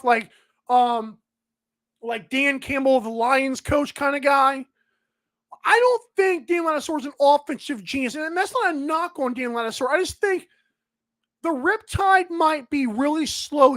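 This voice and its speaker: A woman with a high voice hosts a sports betting podcast. She rambles casually through her picks. She often turns to talk straight to the players she is discussing. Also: lively intonation, unhurried, a bit bright.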